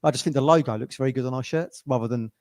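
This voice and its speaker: A man giving football opinions in quick, chatty casual talk. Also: medium pitch, darkish tone, dry recording. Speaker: football pundit. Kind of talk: casual chat.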